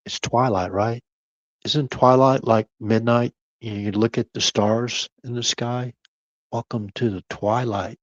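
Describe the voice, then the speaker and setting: Man, live stream host, slow rambling talk, hushed at times, dull lo-fi sound. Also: medium pitch, fairly even intonation, dry recording. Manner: meandering, chuckling, talks half to himself; keeps voice down at times. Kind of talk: rambling late-night live stream chat.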